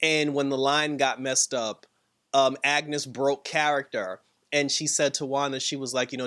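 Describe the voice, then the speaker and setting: A man's voice: little pitch movement, measured pace, pushed and bright, smooth. A man casually reviewing a TV episode, laughing often and acting out characters' lines. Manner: laughing, filler-heavy, acts out quotes in a high voice. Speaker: show reviewer.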